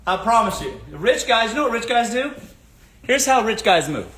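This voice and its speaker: Emphatic high-voiced male host. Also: sing-song, moderate pace, fairly bright tone. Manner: emphatic, repeats catchphrases. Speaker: show host. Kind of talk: casual advice livestream. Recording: roomy echo.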